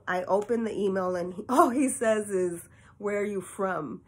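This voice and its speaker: A young woman telling a personal story in a candid, chatty way, swinging between soft, quiet moments and excited outbursts. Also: medium pitch, measured pace. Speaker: vlogger.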